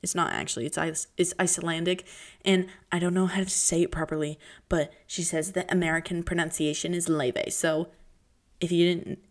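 A young woman with a slightly low voice chats loosely and casually on her own podcast. She's chatty and dramatic, hopping between pitches and slipping into whispers, yet her tone stays level overall and her speed is normal.

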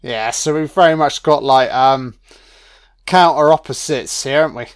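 A man talking through a film in a loose, chatty commentary. He swears constantly, laughs often and speaks at an ordinary, middling pitch. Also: moderate pace, clean tone. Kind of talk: casual audio film commentary.

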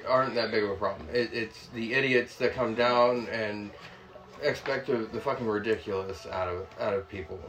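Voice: medium pitch, moderate pace, fairly bright tone. A podcast guest talking bluntly and swearing freely in a casual chat. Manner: blunt, profane ranting. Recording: roomy, distant from the mic, faint background noise.

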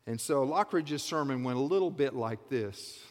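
A man preaching a sermon, building from a soft telling to loud, rhythmic repeated calls. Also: mid-range voice, expressive, moderate pace. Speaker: pastor. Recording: long hall reverb.

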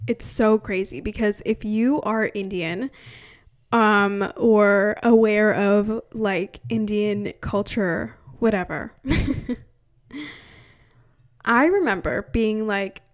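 A woman's voice: mid-range voice, takes it slowly. A 21-year-old woman chatting candidly in a casual vlog, with lots of fillers. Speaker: vlogger.

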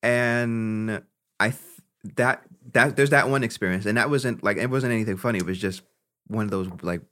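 A young man co-hosting a podcast, speaking at a normal speed in a lowish voice. He tells a long story in casual chat, animated and profane, cursing and laughing as he goes.

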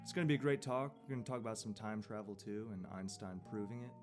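A man hosting a casual podcast, welcoming listeners and getting loud and excited when the talk heats up. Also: lowish voice, fast talker. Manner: excitable, raises his voice when worked up. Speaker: podcast host. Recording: music playing behind the voice.

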